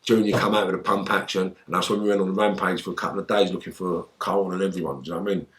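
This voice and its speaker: A man, a guest in an interview, telling a story in lively, swearing style and acting out the lines he quotes. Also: deep voice, rapid-fire. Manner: animated, swearing, acts out shouted quotes.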